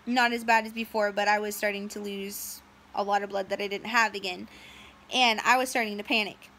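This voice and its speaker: A woman's voice: medium pitch, fairly even intonation, a little fast, sharp tone, a little hiss or hum. A young woman telling a long personal story in a casual, rambling way, full of "um"s and quoted dialogue. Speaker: storyteller recounting a personal medical ordeal.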